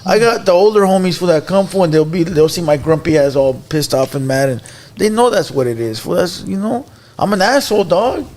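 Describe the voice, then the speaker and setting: A man's voice: high voice, animated, brisk, a little mellow. A man hosting a late-night talk show, telling stories brashly and profanely, slipping Spanish into his slang and acting out what others said. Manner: gruff storyteller who acts out quotes. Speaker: show host.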